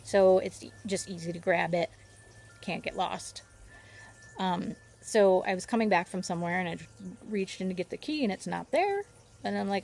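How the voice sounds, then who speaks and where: A woman's voice: medium pitch, lively intonation, moderate pace, creaky, a little mellow, a little hiss or hum. A woman telling a long rambling story to the camera in a casual vlog, easily distracted by the birds around her. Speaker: vlogger. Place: outdoors near birds.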